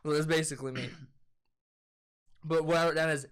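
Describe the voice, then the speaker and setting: A man's voice: fairly high pitch, steady tone, fairly quick, smooth. A young man co-hosting a casual chat, animatedly retelling movie scenes with lots of swearing and quoted lines. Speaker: co-host.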